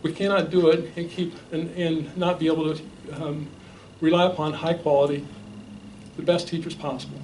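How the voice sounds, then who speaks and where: A man speaking at a public debate, laying out figures in a measured way with frequent restarts. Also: fairly high pitch, little pitch movement, a little mellow. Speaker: debate panelist. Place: realty office meeting room. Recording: distant mic with faint noise.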